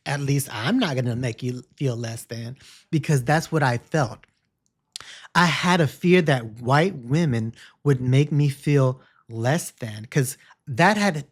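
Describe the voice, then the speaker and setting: A hairstylist in his forties telling a candid personal story, often repeating words and breaking off mid-word to correct himself. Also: medium pitch.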